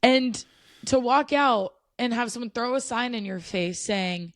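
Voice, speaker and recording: A woman's voice: on the high side, moderate pace, no echo, clean studio sound. A woman co-hosting a podcast, speaking earnestly and with passion in casual chat. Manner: earnest, impassioned, agrees often. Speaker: podcast co-host.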